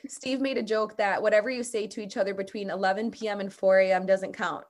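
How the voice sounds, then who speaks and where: A woman's voice: medium pitch, steady tone, fast. Bubbly young woman podcast host. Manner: bubbly, chatty, candid. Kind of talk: casual podcast chat.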